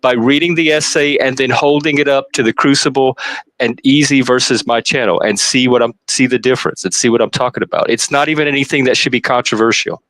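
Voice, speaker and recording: A man's voice: mid-range voice, fairly even intonation, fairly quick, a bit bright, dry recording, rough recording. A man hosting a live stream chat, explaining his point steadily and insistently. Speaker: host. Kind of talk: casual debate on a live stream.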